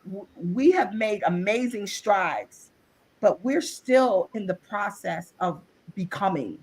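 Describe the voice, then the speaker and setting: A woman at a middling pitch, talking over a video call as a guest on an interview show. She speaks with earnest, faith-driven conviction. She often circles back, restarting phrases and repeating words as she builds her point. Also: expressive, slow pace, darkish tone, breathy edge, rough recording. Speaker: guest author and business executive. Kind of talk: impassioned interview talk.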